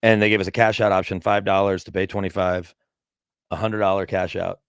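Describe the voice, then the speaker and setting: A man with a fairly low voice talks sports quickly on a podcast. He rambles from point to point in a casual chat. The recording is dry and close. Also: level tone, clear, resonant tone, no echo.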